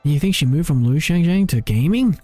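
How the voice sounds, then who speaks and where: A man voicing a tiny, excitable female fairy companion in a high, chirpy voice that refers to itself by name. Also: brisk, no room sound, faint music behind. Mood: excited. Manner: chirpy, high-pitched, speaks of herself by name.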